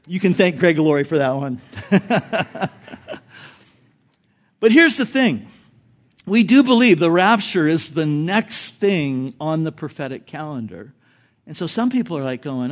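Brief: high-pitched male pastor, lively preaching, storytelling. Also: normal speed. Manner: animated, storytelling with jokes. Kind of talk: sermon.

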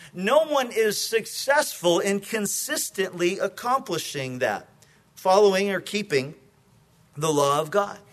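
A man's voice: sits high, a bit bright. A male pastor preaching an evening sermon, joking with the congregation before teaching from scripture.

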